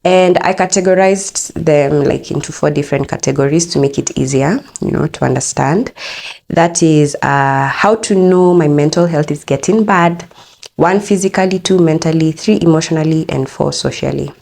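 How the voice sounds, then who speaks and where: Expressive Kenyan woman telling her story. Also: sits low, moderate pace, gravelly. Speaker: podcast host. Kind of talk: personal storytelling podcast.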